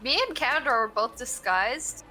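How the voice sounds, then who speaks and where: A woman's voice: a little high, animated, a little slow, sharp tone, soft background music, poor audio. A woman playing a tabletop game, joking around in a playful way and swearing freely. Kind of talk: casual game banter.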